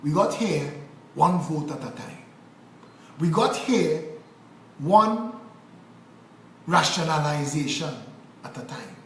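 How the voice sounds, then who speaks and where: A man's voice: a little high, lively intonation, takes it slowly, long pauses, fairly bright tone, echoey room, poor audio. A man from Trinidad and Tobago with a Trinidadian accent, giving an angry, impassioned political monologue to camera in a preaching cadence. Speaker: political commentator vlogger.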